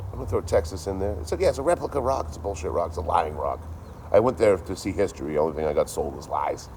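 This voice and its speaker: A very deep-voiced man rants through a story, swearing freely and repeating his lines for emphasis. His delivery jumps between loud outbursts and low muttering. A faint hum of background noise sits under the voice. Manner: profane, animated storytelling with repetition. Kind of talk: casual ranting monologue.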